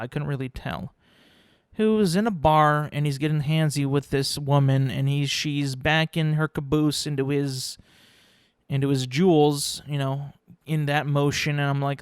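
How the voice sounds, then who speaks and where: A man hosting his own podcast, rambling in a casual, self-mocking way and slipping into quick mock voices. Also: fairly high pitch, clear, resonant tone, dry recording, clean studio sound. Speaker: podcast host. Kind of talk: casual solo podcast rant.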